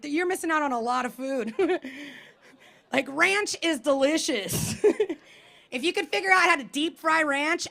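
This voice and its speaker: A woman's voice: high voice, pushed and bright. A woman in her thirties performing a self-deprecating stand-up comedy set on an outdoor festival stage, speaking into a handheld mic with punchy timing.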